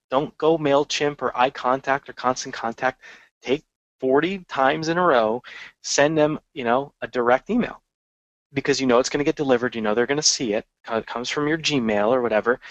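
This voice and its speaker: Male podcast host and marketing coach, mid-pitched voice, energetic and chatty, dry close-miked sound. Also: no echo, poor audio. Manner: energetic, conversational, frequent restarts and asides. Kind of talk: casual business podcast monologue.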